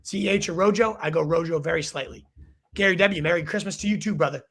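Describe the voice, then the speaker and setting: Raspy high-voiced young man hosting. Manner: energetic, quick verdicts. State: losing his voice. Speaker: fantasy football show host. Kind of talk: rapid-fire live advice show.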